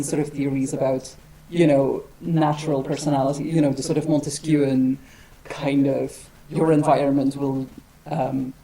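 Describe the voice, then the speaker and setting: A woman's voice: sits low, warm tone, low-quality recording. A woman giving an academic lecture, wry and digressive, with many hedging asides.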